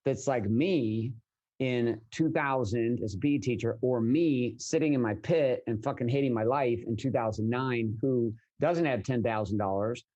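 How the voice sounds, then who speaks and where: Male podcast guest, mid-pitched, blunt and energetic, swears a lot, frequent restarts. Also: moderate pace, lo-fi sound. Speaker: podcast guest, business coach. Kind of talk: casual interview conversation.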